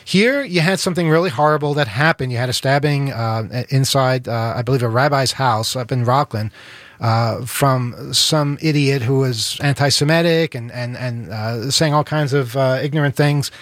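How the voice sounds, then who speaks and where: A man with a New York accent hosting a political talk show, earnest and halting with many fillers. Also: mid-range voice, dry recording. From Queens, New York. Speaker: show host.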